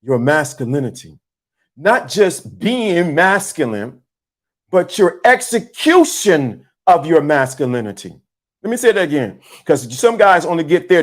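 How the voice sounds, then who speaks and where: A man's voice: on the high side, very animated, unhurried. A man giving a preachy motivational talk on a livestream, often repeating himself and spelling words out letter by letter. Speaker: livestream host.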